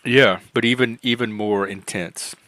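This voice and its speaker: An American man hosting a casual live-stream chat on a video call, calmly reporting and chatting. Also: fairly low pitch, unhurried, no echo. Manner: calm, plainly reports results.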